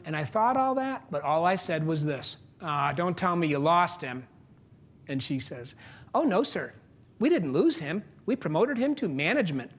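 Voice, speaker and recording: Guy doing a keynote talk on stage, voice swoops high and low, acts out the dialogue, asks the crowd stuff. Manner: animated storytelling, acts out dialogue, big swings between loud and quiet; asks the audience questions and pauses for punchlines. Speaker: keynote speaker and author. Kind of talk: motivational speech to a live audience. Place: stage before a large audience.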